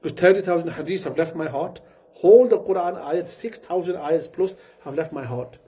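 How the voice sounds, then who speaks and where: A man voicing a fallen old sheikh who speaks quietly and haltingly, as if ashamed. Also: on the high side, slightly rough. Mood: broken, subdued.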